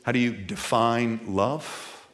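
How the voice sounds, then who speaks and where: A man preaching a sermon to a live congregation, animated, with folksy asides, moving between loud and quiet. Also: mid-range voice, slow. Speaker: pastor. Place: church before a live congregation.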